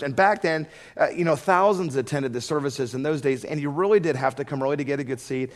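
A man's voice: fairly high pitch, fast talker, hardly any pauses. A middle-aged man preaching a sermon, telling a folksy story and rising to fervent emphasis on prayer. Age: middle-aged or older.

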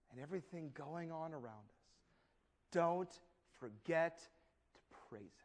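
A man preaching a sermon, dramatic and storytelling, swinging between loud declaiming and soft asides with folksy humor. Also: sits high.

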